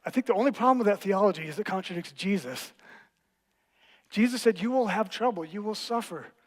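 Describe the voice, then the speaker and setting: A man preaching a sermon as pastor, teaching in a playful, animated way with quick jokes. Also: sits high, big-room sound. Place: church hall.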